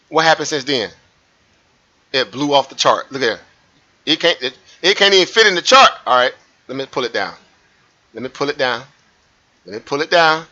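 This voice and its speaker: A man hosting a live trading stream, talking viewers through a price chart in an animated way, repeating points and asking rhetorical questions. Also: medium pitch, brisk, long pauses. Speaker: trading livestream host. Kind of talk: live market commentary over a chart. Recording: muffled lo-fi stream audio.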